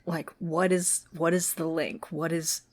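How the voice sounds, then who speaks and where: A woman co-hosting a podcast in casual chat, animated and laughing, acting out lines and sometimes dropping to a near-whisper. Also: low voice, measured pace. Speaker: podcast co-host. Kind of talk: casual chat recapping a TV show.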